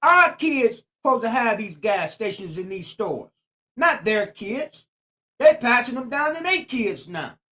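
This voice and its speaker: A man's voice: extremely high pitch, big pitch swings, measured pace, pushed and bright. Older man preaching in AAVE. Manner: preachy, repetitive, emphatic. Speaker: YouTube channel host. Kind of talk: streetwise commentary monologue.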